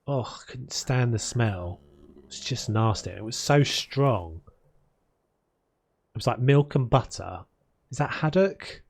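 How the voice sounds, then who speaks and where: A man's voice: mid-range voice, expressive, slow pace, gravelly, pauses often, darkish tone. A man streaming a video game, chatting casually and rambling between topics as he builds. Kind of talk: casual chat while playing.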